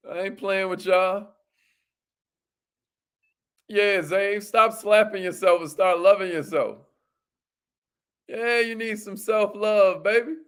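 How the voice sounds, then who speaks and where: A man hosting a casual motivational live stream, hyped and slangy, repeating his phrases and laughing often. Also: sits high.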